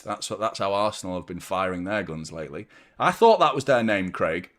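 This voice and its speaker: A young man hosting a football watchalong stream, chatting casually, rambling and joking while reading out viewer shout-outs. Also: on the low side, very animated, normal speed. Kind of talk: casual live-stream chat.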